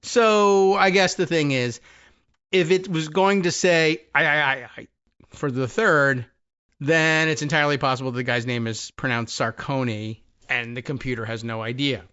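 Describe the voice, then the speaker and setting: A man's voice: mid-range voice, fairly even intonation, unhurried, fairly bright tone, clean tone, highs cut off. A man hosting a political talk show, rambling and wry, often stopping and restarting his sentences. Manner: rambling, self-interrupting, wry. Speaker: podcast host.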